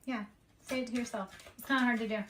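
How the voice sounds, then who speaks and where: A woman's voice: on the high side, fairly even intonation, a little fast, fairly bright tone, slight background noise. A woman giving a casual spiritual tarot reading, earnestly encouraging and talking straight to the viewer. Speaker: tarot reader and spiritual channel host.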